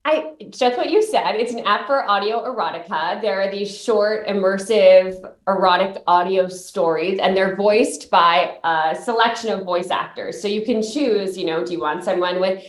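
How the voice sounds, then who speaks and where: A woman's voice: mid-range voice, moderate pace, hardly any pauses, echoey room. A woman who founded an app, a guest on a radio show, explaining her product in a fluent and upbeat way. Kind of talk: radio interview.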